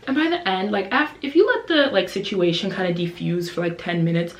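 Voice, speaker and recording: A young woman in her twenties chats to camera, recorded on a camera's built-in mic in a room with plenty of echo. She talks at an ordinary middle pitch and keeps bursting into bright, high voices to act out her students. Casual and vlog-style throughout. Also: fairly quick. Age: 20s. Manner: animated, acts out kids and teachers in high voices. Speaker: English teacher and vlogger. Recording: roomy echo.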